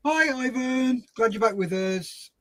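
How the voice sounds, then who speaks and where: A man co-hosting a casual stream, reacting with quick chatty remarks. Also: very high voice, expressive, no echo. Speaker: co-host. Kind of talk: casual chat.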